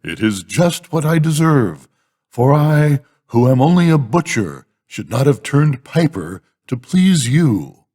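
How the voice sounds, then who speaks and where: A man's voice: medium pitch, big pitch swings, takes it slowly, warm tone, slightly rough, long reverb tail, voice pushed up, full character voice. An older man voicing a male wolf who speaks ruefully after being outwitted.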